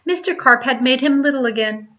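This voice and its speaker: A woman teacher reading a picture book aloud, with expressive exclamations and questions. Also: high voice, a little fast, muffled recording.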